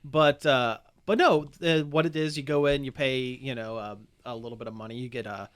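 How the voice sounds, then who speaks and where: A man's voice: mid-range voice, fairly even intonation, moderate pace. A man hosting a podcast, chatting casually and rambling with lots of fillers and restarts. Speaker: podcast host. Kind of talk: casual chat.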